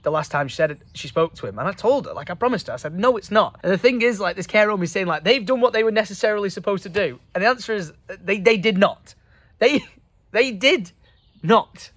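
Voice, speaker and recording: Young male vlogger, emotional and earnest, fairly high voice. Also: expressive, rapid-fire, hardly any pauses, fairly bright tone, no room sound. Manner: emotional, earnest, with many fillers. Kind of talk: casual vlog talk to camera.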